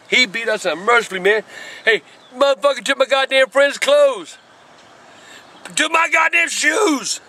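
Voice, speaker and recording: An older man, telling a profane story in a gruff voice and breaking into shouts. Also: very high-pitched, expressive, measured pace, pauses often. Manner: gruff, cursing, bursts into shouts. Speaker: grandfather telling stories.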